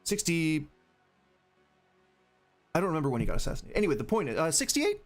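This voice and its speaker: Lively ranting man with profanity. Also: on the high side, quick pace, soft background music. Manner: ranting, profane, rambling with restarts. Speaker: podcast host. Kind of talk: livestream commentary.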